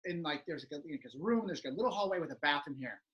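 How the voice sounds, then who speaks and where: A podcast host chatting casually, excitable and quick to laugh while retelling stories. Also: mid-range voice, muffled recording. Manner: excitable, laughs often, acts out quoted people. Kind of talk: casual chat.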